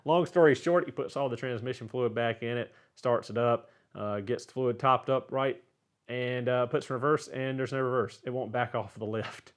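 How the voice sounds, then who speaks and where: A man's voice: medium pitch, moderate pace. Southern man, folksy rambling mechanic. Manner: folksy, rambling, frequent "uh" fillers. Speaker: car mechanic answering viewer questions. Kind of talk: casual Q&A talk.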